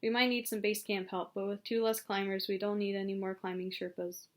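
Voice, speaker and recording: A woman voices a calm male mountain guide in a spoken storybook. He talks firmly and plainly at a middle pitch, keeping things level. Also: a little fast, lightly acted. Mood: matter-of-fact.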